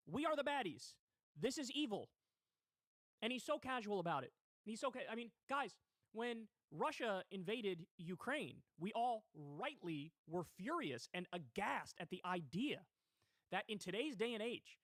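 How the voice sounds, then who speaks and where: Indignant high-voiced man ranting. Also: big pitch swings, moderate pace, a bit bright, no room sound, studio quality. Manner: heated, indignant, swearing. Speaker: livestream host. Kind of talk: political commentary livestream.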